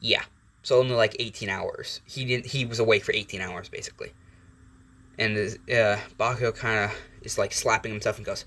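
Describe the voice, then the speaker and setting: A man's voice: lowish voice, steady tone, moderate pace, fairly bright tone. A young man hosting his channel, telling a fan story in a chatty, rambling way with fillers and self-corrections. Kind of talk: casual fan-fiction storytelling.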